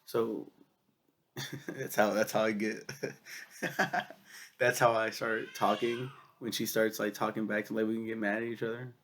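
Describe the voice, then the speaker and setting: Sick young man, low gravelly voice, profane, rambling, casual film review. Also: little pitch movement, a little slow, long pauses, fairly bright tone, a little hiss or hum. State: sick with a cough.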